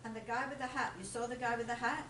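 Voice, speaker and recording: A woman's voice: a little high, steady tone, fast talker, lightly acted. A woman volunteer reading aloud the part of an irritated, blunt suburban man in a lecture room. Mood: questioning. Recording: echoey room, distant mic, noise.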